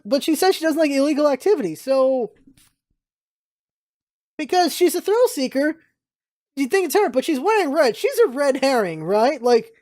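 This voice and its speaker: An animated woman with a fairly high voice, reading game dialogue aloud and breaking off into jokey asides as she plays. Her pitch swings widely while she riffs and tries out character voices. Faint music plays behind her. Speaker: let's play streamer.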